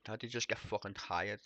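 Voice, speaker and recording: A man's voice: fairly low pitch, pushed and bright, dry recording. A young man streaming casual political commentary, rambling, sweary and sarcastic.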